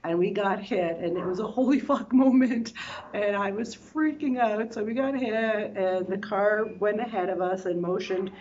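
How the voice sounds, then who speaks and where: A woman vlogger telling her own travel story in a casual, animated way, often restarting sentences and adding quick asides. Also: medium pitch, lo-fi sound, slight background noise.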